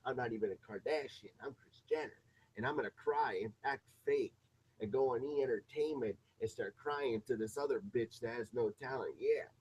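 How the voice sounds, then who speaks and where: A man's voice: mid-range voice, moderate pace, darkish tone, slight background noise, natural voice, rough recording. Man mocking a whiny celebrity mom. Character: fake-crying celebrity mother, middle-aged woman.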